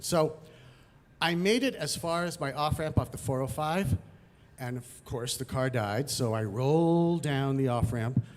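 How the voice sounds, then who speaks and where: A man from Los Angeles telling a personal story on stage, vivid and animated, acting out the scenes. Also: mid-range voice.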